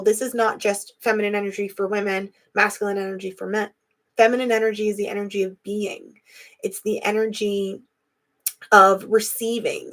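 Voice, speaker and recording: A young adult woman hosting a live video, talking casually and reflectively to her viewers. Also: medium pitch. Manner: chatty, reflective, addresses viewers directly. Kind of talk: casual live-stream talk.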